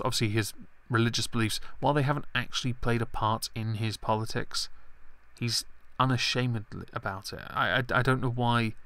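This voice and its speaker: A man's voice: on the low side, a bit bright. A man hosting a live stream, chatting about politics in a rambling, sarcastic way with self-deprecating asides. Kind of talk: casual political commentary stream.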